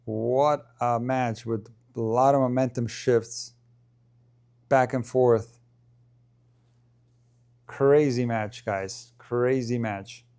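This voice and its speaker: Mellow-voiced man calling tennis live. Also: medium pitch, smooth. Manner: chatty play-by-play, rising in excitement at big points. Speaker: tennis commentator streamer. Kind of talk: casual live watchalong commentary.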